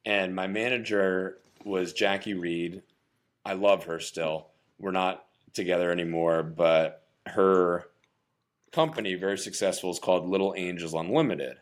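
Low-voiced chatty male actor. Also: fairly even intonation, a little slow. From New Jersey. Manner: upbeat, chatty storyteller with fillers. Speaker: actor, podcast guest. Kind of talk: casual interview storytelling.

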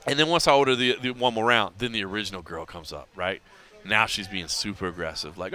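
Animated, bright-voiced male podcast host. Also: mid-range voice, fast talker, smooth. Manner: animated storyteller acting out dialogue. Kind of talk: casual storytelling chat.

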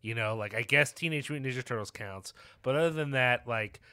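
Male co-host, bright edge, dry close sound, chatty and rambling. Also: medium pitch, brisk, clean tone, no room sound. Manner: rambling, hesitant restarts, laughs. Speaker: podcast co-host. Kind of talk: casual movie discussion.

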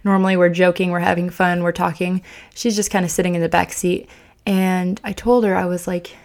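A woman's voice: lowish voice, flat delivery, brisk. A young woman hosting a podcast, speaking candidly and confessionally about parenting mistakes, with frequent fillers and restarts. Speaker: podcast host. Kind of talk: casual personal podcast talk.

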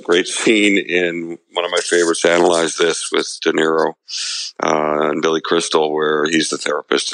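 Deep gravelly guy, podcast chat, rambly, laughs a lot, close dry mic. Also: a bit bright, dry recording, rough recording. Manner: rambling storyteller, laughs often. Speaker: podcast co-host. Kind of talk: casual chat.

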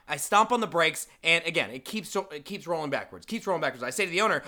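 A man casually telling a story to friends on a podcast, loud and animated, swearing freely. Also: on the high side, fairly quick. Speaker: podcast co-host.

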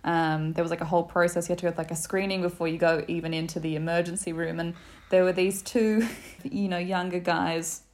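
A woman, a podcast guest telling a story in a casual, animated way, laughing often and saying "like" a lot. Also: on the low side, a little fast. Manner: animated, laughing, many fillers like "like".

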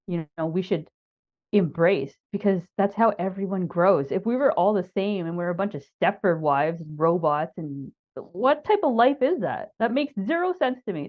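A woman's voice: mid-range voice, narrow, tinny audio. A woman coach, a podcast guest, chatting earnestly and with emphasis. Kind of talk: casual podcast chat.

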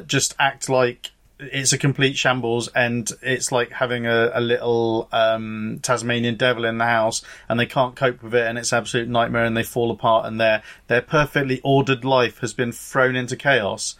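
A man hosting a podcast in casual chat, dry and deadpan, with hesitant ums. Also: medium pitch, normal speed. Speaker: podcast host.

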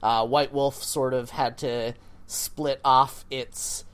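A man's voice: mid-range voice, fairly even intonation, slow pace, fairly bright tone, clean tone. A man co-hosting a podcast, chatting casually in a rambling, self-deprecating way with plenty of fillers. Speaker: podcast co-host. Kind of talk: casual chat.

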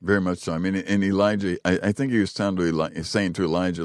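A man with a very deep voice talking about Scripture on a faith talk show. He is blunt and plain-spoken, often stuttering and restarting. The sound is close and dry. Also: fairly even intonation, quick pace, hardly any pauses, no echo. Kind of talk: Bible teaching in conversation.

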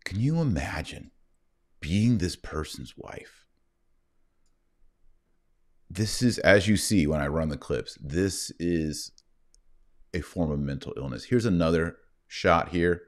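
A middle-aged man hosting a live online show, talking in a mocking, rambling way. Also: low voice. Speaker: livestream host. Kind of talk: livestream commentary.

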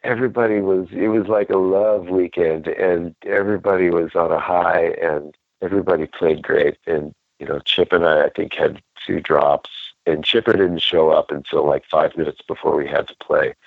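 A man's voice: sits low, fairly even intonation, normal speed, gravelly, no room sound, narrow, tinny audio. A man guest telling a story in a loose, rambling way, often restarting mid-sentence. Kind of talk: casual storytelling.

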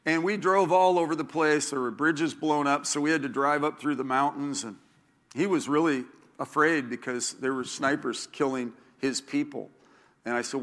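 A man's voice: on the high side, fairly even intonation, moderate pace, a bit bright. A man preaching a sermon as pastor, repeating key lines and telling stories with a laugh.

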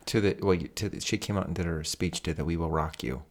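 A man's voice: low voice, fast talker. A man co-hosting a podcast, chiming in with crude jokes during a casual recap. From Ohio. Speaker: podcast co-host.

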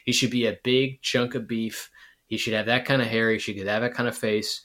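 A man's voice: mid-range voice, steady tone, normal speed, bright, forceful tone. A man on a podcast as a guest, rambling with mocking asides in casual chat.

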